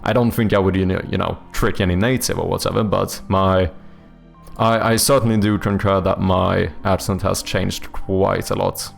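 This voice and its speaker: A Swedish streamer, whose English leans toward a British accent, chats casually on a livestream, reading and answering chat with lots of fillers and restarts. His voice is low-pitched and creaky with fairly even intonation at normal speed, and soft background music plays.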